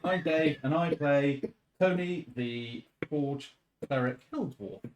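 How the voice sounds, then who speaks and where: A man playing in a tabletop game, chatting casually and making wry, deadpan jokes. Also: a little high, slow pace, slight background noise. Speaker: player. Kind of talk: casual chat among players. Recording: distant mic.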